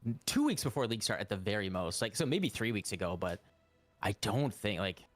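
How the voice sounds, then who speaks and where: A man's voice: on the low side, very animated, a little fast, no room sound, soft background music. A man talking casually on a live stream about the tool he is building, rambling and laughing often. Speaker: guest developer of a game tool.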